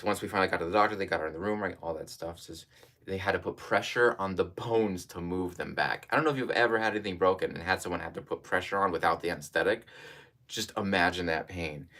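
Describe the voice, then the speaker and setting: A man preaching a live online sermon, earnest and emphatic, repeating key phrases and sometimes dropping to a hush. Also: deep voice.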